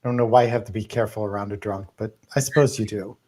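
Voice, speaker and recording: Very low-voiced woman, halting and dry. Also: fairly even intonation, dark tone. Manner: halting, hesitant, dry self-mockery. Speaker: comedy panelist. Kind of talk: casual comedy chat.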